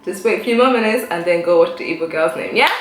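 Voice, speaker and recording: A young woman hosting a casual online language lesson, chatty and repeating each word slowly for her viewers. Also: lowish voice, roomy sound, slight background noise, low-quality recording. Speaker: language teacher, channel host.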